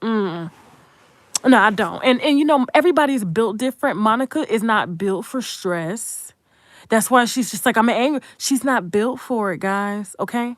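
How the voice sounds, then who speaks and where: A woman's voice: a little high, expressive, normal speed, dry recording, clean studio sound. A woman, hosting an unscripted commentary monologue in a blunt, profane, emphatic way and talking straight to viewers. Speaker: commentary channel host.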